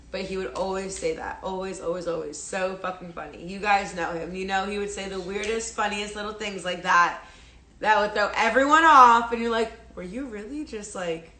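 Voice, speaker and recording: Chatty young woman, bright and roomy. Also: mid-range voice, normal speed, a little hiss or hum. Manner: rambling, many fillers and restarts, swears casually. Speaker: livestreamer. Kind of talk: casual storytelling on a live stream. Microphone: phone.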